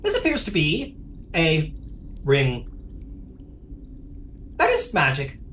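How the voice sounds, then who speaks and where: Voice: medium pitch, huge pitch swings, takes it slowly, fairly bright tone, a little hiss or hum, voice pushed up, exaggerated voice. A game master voicing a terse, birdlike kenku archivist who speaks in clipped, stilted phrases.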